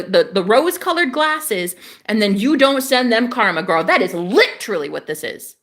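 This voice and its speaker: Fairly high-pitched and fairly bright in tone, the young adult woman delivers a heated rant on her casual spiritual vlog. She's emphatic, curses freely, and repeats herself to stress her points.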